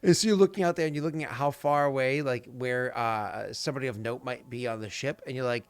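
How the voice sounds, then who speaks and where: A man's voice: mid-range voice, quick pace, hardly any pauses, clear, resonant tone. A man narrating as game master, rambling, with restarts and sounds acted out. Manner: rambling, many fillers and restarts, vivid sound effects.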